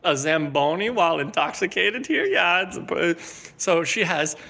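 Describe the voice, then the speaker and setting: Rambling Midwestern man, gravelly and bright. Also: sits high, lively intonation, unhurried. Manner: rambling, filler-heavy, laid-back storytelling. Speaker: comedic character host. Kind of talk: rambling comedic monologue.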